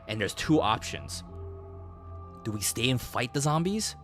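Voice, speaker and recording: A male streamer tells a long game story in a casual, rambling way, full of fillers, restarts and cursing. His pitch sits in an ordinary middle range but swings widely as he talks. Faint music plays behind him. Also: very animated, a little slow, a bit bright.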